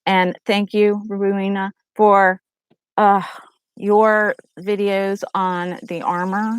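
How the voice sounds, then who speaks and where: A middle-aged woman talks to camera about her faith in a casual, animated way, slipping into earnest urging. Her voice sits at an ordinary middle pitch. The sound is dry and close, with no room around it. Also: takes it slowly, clean tone, no room sound, rough recording. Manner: animated storyteller acting out quotes in raised voices. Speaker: faith vlogger.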